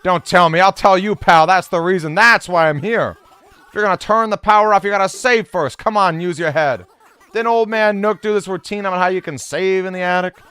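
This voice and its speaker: A man's voice: sits high, fairly quick, sharp tone, clean tone. A man voicing a short-tempered male mole with a put-on New York accent, lecturing in sarcastic tough-guy slang. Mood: scolding lecture.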